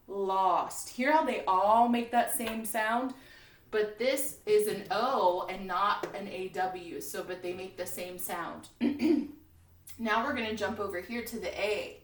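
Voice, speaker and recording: A woman teaching a second grade spelling lesson in a cheerful, encouraging way, slowly sounding out words for young children. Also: mid-range voice. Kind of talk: recorded classroom lesson. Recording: roomy, from a distance.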